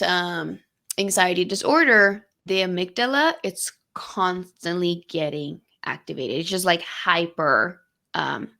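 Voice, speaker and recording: A woman's voice: lowish voice, gravelly, fairly bright tone. A woman co-hosting a podcast, explaining how anxiety works in the brain in a casual way, with many fillers and restarts. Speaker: podcast co-host.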